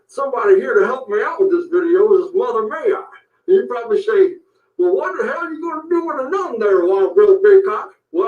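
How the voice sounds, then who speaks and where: A man voicing a brash, crude self-styled cowboy sheriff in a comedic parody rant, boasting and making blustering threats. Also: extremely high pitch. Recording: roomy, distant, dull lo-fi sound.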